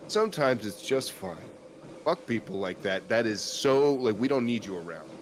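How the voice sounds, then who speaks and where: In a loose podcast conversation, a man rambles and swears, often restarting and filling gaps with "um" and "like." His mid-range voice is expressive and moves at a normal speed. A faint hiss or hum runs under the recording.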